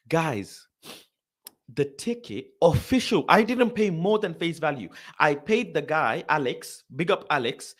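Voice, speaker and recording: A young man, a host telling a story in casual, slang-heavy talk that swings between loud exasperation and low grumbling. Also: animated, unhurried.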